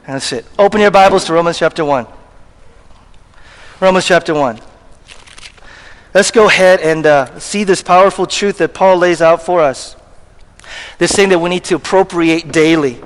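A male pastor with a high voice delivers a sermon in a chatty, emphatic way, firing questions at the congregation. His words ring out with the long reverb of a church hall. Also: normal speed, pauses often.

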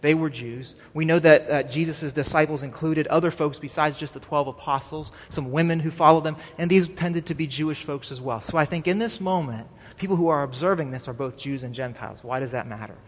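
Pastor, male, fairly high voice, chatty sermon delivery, church hall reverb. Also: fairly quick, few pauses. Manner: conversational, checks in with the congregation; has the congregation repeat his main point.

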